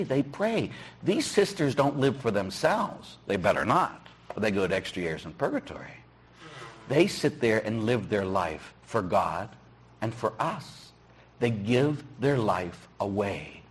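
Man, Catholic priest, middle-aged, husky voice, folksy sermon, teasing delivery. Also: medium pitch, sing-song, measured pace. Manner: folksy, teasing, acts out dialogue with shouts. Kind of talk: sermon with storytelling.

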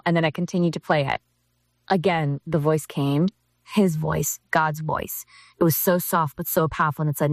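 A woman's voice: deep voice, fairly quick, no room sound, studio quality. A woman telling a personal faith story as an interview guest, earnest and vivid.

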